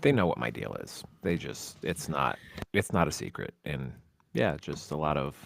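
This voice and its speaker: A man co-hosting a casual sports podcast, dark-humored and dramatic, swearing freely. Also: rumbling low, big pitch swings, moderate pace, vocal fry. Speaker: podcast co-host.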